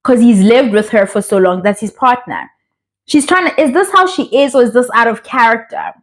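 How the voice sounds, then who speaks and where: A young woman from South Africa with a fairly high voice and a sore throat. She chats in an animated, opinionated way as she reviews a reality dating show, acting out the people in it as she goes. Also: fairly quick. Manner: animated and opinionated, acts out the cast members' voices. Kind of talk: casual chat, reviewing a show.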